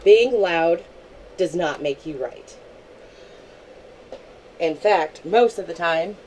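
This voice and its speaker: Young woman ranting mad on her live stream, lots of swearing, lowish voice. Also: a little mellow, slight background noise, rough recording. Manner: angry, profane, confrontational. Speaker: livestreamer. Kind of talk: angry livestream rant.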